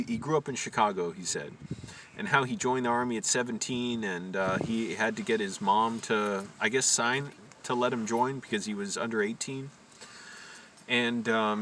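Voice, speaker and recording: A man from Virginia telling a long rambling story in a casual, amused, self-correcting way. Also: fairly low pitch. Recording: distant mic with loud background noise.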